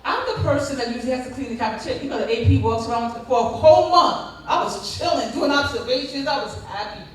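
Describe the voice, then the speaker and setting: High-voiced woman preaching to a hall. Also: quick pace, slight background noise. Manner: preacher-like storytelling with crowd call-and-response. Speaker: school district leader giving a conference talk. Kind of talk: conference speech. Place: large conference hall. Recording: echoey hall from far off.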